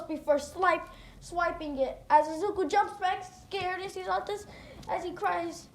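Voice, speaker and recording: A woman's voice: very high voice, fairly even intonation, measured pace. A woman narrating an unscripted fan story in a rambling way, often correcting herself, recorded in a roomy space. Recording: roomy echo, faint noise.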